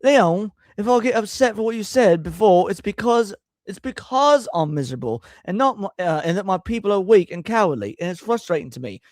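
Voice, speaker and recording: A hammy, sing-song British voice reads out a complaining viewer's message, as an American man puts it on. The voice sits high and is recorded dry and close, with no room sound. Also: sing-song, a little fast, hardly any pauses, darkish tone, no echo. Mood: mocking. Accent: put-on British. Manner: exaggerated, sing-song parody. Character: mock-British male viewer reading his complaint.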